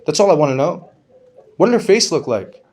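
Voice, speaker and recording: A man stands up as a grieving father and speaks earnestly to a crowd. His delivery is halting, with short phrases and questions he repeats. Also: fairly high pitch, very animated, darkish tone. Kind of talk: emotional public speech.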